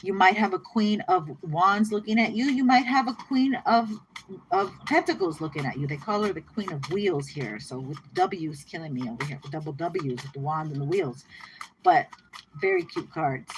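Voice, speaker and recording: Excitable lady doing a tarot reading, keeps repeating stuff, bit of low noise behind her. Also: normal speed, poor audio. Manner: chatty, excitable, repeats herself, laughs often. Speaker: tarot reader.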